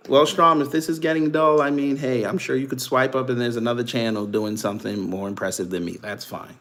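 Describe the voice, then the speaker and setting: Here the livestream host speaks a little fast with hardly any pauses, in a steady, mid-range, fairly bright voice. His casual political talk comes in an African American Vernacular English accent as he laughs and trash-talks the commenters, mocking them.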